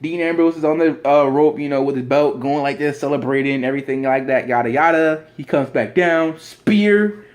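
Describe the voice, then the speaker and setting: A man's voice: mid-range voice, steady tone, a little fast, hardly any pauses. A young man in a casual vlog monologue, rambling along with frequent restarts. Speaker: vlogger. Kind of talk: casual fantasy-booking monologue.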